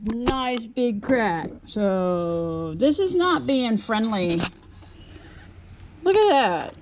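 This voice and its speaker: A woman's voice: on the high side, very animated, very slow, background noise. A woman chatting and rambling to viewers as she works in an outdoor workshop. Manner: chatty and rambling, talks to viewers and shoos a bee. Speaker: woodturning vlogger. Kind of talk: casual chat while working in a workshop.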